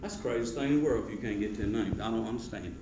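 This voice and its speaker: A man giving a sales training talk to a live audience, quizzing the crowd and acting out sales pitches. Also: racing, recorded from a distance. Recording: roomy hall echo with faint noise.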